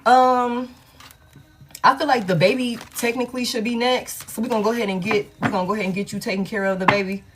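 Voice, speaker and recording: A woman's voice: mid-range voice, fairly even intonation, racing, hardly any pauses, background noise. A woman giving a casual tarot reading, emphatic and reassuring, repeating herself and swearing freely. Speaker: tarot reader.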